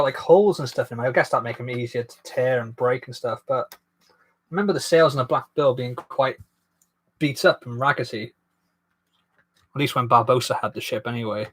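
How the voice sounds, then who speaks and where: A man's voice: mid-range voice, husky. A man hosting a casual live stream while building a toy set, rambling and self-deprecating as he reads viewer comments aloud.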